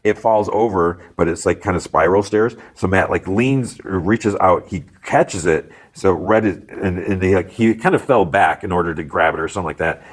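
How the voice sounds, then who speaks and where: A man's voice: deep voice, normal speed, few pauses. A man hosting a podcast, casually recapping a TV episode and quoting the characters in raised voices, with lots of fillers. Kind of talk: casual recap, acting out dialogue.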